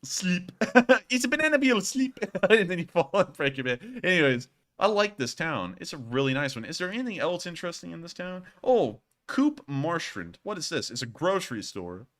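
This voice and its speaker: A man's voice: fairly high pitch, very animated, fairly quick, fairly bright tone. A man hosting a casual live stream, chatting and rambling with frequent laughs. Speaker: streamer host.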